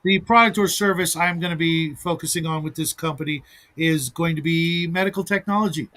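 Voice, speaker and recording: A man hosting a relaxed group conversation. His voice sits a little high, and he thinks aloud and circles back on his words. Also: fairly quick. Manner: rambling, with many restarts. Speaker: host. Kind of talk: casual chat.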